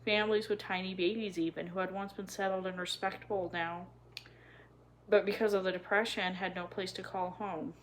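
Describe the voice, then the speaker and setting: A woman reading a children's chapter book aloud in a gentle, even storytelling manner. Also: mid-range voice, brisk, slight background noise, rough recording. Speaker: storybook reader.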